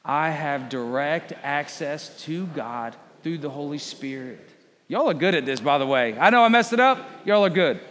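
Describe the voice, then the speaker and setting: A man's voice: fairly high pitch, expressive, moderate pace, a bit bright, big-room sound, a little hiss or hum. A man preaching a sermon as pastor, leading his congregation through spoken declarations. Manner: leads congregation in call-and-response declarations.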